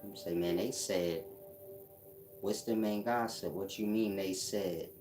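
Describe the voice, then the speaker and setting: A man's voice: low voice, fairly even intonation, unhurried, darkish tone, faint music behind. A man hosting a casual livestream, reading out chat comments and answering them in a blunt, mocking way with frequent laughs. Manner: blunt, mocking, laughs at his own jabs.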